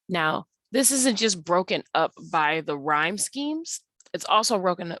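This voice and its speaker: A woman's voice: deep voice, fairly bright tone, no echo. A woman teacher patiently explaining slides in an online tutorial, with frequent ums and uhs. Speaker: English teacher.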